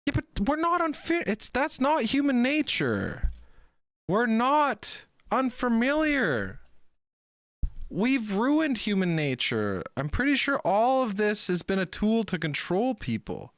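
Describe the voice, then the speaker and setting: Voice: mid-range voice, wildly swooping pitch, takes it slowly, no room sound, clean studio sound. A streamer reacting to a video in casual, rambling talk, full of swearing and restarts. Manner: rambling, profane, many restarts.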